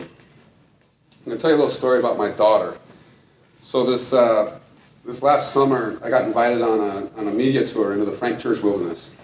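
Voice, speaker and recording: A man's voice: mid-range voice, a little mellow, slight background noise. A middle-aged man giving an earnest, folksy story-driven talk to an audience as a conservation speaker. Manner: earnest, folksy, laughs between points. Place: large room before an audience. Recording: echoey hall, mic from far off.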